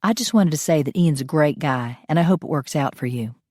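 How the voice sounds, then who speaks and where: Woman doing an earnest woman confiding, hushed, low, dry audiobook read. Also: animated, a little fast, no room sound.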